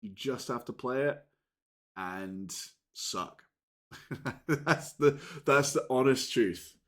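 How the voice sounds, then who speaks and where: A man talking off the cuff to his channel's viewers in a mid-pitched voice. He rambles and restarts his sentences, swears casually, and swings between loud bursts and muttered asides. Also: slow pace. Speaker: gaming channel host. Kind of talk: casual unscripted chat to camera.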